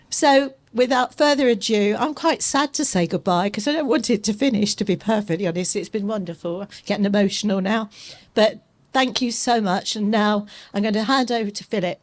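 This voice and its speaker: A woman, an event organiser, giving an emotional speech of thanks at a community event over a handheld microphone. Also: medium pitch. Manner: warm, emotional thanks with fillers. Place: outdoor commemoration event.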